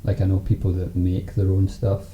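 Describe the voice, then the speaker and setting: A man's voice: sits low, completely flat delivery, normal speed, highs cut off. A man hosting a casual podcast chat, laid-back and a little wry. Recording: roomy echo, faint background noise.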